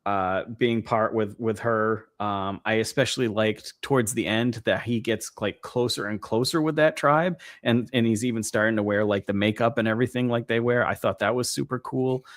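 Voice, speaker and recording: A man co-hosting a podcast in casual chat, hesitant, with many fillers, often trailing off. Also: on the low side. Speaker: podcast co-host.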